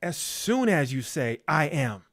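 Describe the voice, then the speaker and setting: Slow, emphatic preaching man. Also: fairly high pitch, sing-song, fairly bright tone. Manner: emphatic and repetitive, asks rhetorical questions; keeps checking in with "okay?".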